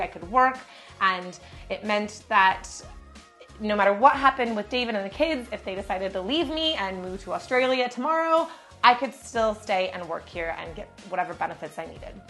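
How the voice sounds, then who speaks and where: A woman's voice: medium pitch, pushed and bright. An American woman in her thirties talking casually to a vlog audience, bubbly and chatty and laughing often. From United States. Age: 30s. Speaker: vlogger.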